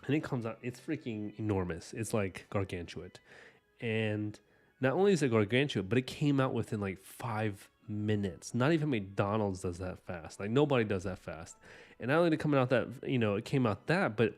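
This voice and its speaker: A man's voice: fairly low pitch, animated, normal speed, soft background music. A man casually chatting with his live-stream viewers, rambling enthusiastically with lots of "like" and "you know". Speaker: livestream art host chatting with viewers.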